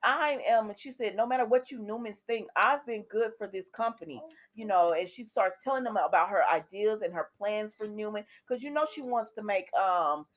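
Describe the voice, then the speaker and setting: Speaking straight to her viewers, a woman chattily runs through a soap opera episode, retelling scenes and quoting what characters say. Her pitch is medium and her pace moderate, with few pauses.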